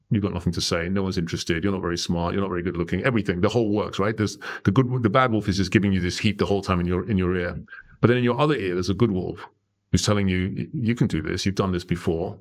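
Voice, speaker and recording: A man voicing a wise old grandfather who speaks calmly and reassuringly. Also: deep voice.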